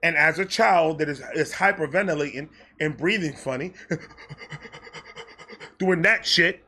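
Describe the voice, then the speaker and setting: A man from New York with a New York accent telling a personal story in an animated, profane way, jumping between loud bursts and low muttered asides. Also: takes it slowly, slightly rough. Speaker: storyteller host.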